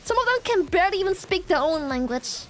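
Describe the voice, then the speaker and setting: A woman's voice: extremely high pitch, very animated, quick pace, faint music behind. A woman from Germany with a German accent, her first language German, chatting casually and giggling as a streamer reacting to videos.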